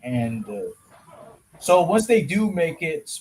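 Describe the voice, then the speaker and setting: A man on a casual chat stream, retelling a cartoon episode in an animated, rambling way. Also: fairly high pitch, slow pace, a little hiss or hum, low-quality recording. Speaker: co-host.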